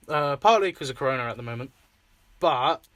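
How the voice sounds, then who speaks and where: A man's voice: mid-range voice, sing-song, moderate pace, a bit bright, dry recording. A young Scottish man hosting a casual chat, rambling with fillers, swearing and laughing often. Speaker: podcast host and filmmaker.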